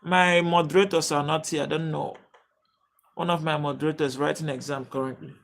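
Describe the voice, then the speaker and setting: Nigerian male stream host, casual and talkative, fairly high voice, keeps welcoming chat. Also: little pitch movement, a little fast, gravelly. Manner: chatty, greets viewers by name, reads chat aloud. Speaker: livestream host.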